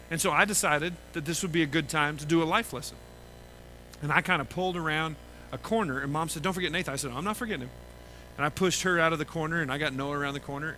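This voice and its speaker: A Texan man tells a story to a crowd of children at camp, his voice high and very bright. He acts out the people in his tale with lively energy. A faint hum can be heard in the background. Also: poor audio. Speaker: camp speaker. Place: large camp gathering.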